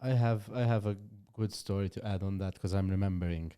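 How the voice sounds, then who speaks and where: A man's voice: low voice, steady tone, fairly quick, warm tone, smooth. A man hosting a podcast who talks casually and hesitantly, with lots of "um" and frequent laughter. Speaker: podcast host.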